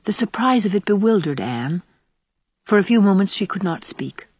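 A woman narrating an audiobook in a measured, even reading. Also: medium pitch, breathy edge, dry recording. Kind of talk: scripted narration.

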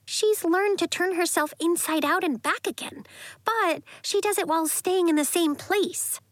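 A woman's voice: extremely high pitch, unhurried, no echo, clean studio sound, pitched above the performer's own voice. A woman voicing an earnest young girl who is fond of her pet.

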